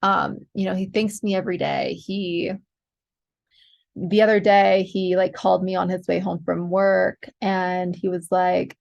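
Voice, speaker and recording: Young woman, host, casual chatty delivery with gravelly fry, frequent fillers. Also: mid-range voice, fairly even intonation, normal speed, darkish tone. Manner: chatty, many fillers, giggly. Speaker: podcast host sharing pregnancy updates. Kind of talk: casual chat to viewers.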